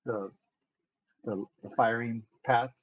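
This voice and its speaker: A man's voice: medium pitch, steady tone, slow pace. A man playing a tabletop role-playing game, talking hesitantly and repeating himself. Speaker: player. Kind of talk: casual chat at a game table. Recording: dull lo-fi mic.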